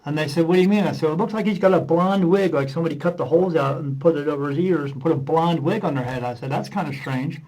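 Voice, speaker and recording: Higher-voiced man telling rambling anecdotes. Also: quick pace, hardly any pauses, darkish tone, poor audio. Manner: rambling anecdotes, acting out dialogue with many uh fillers. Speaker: medium, podcast guest. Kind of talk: casual storytelling in a podcast interview.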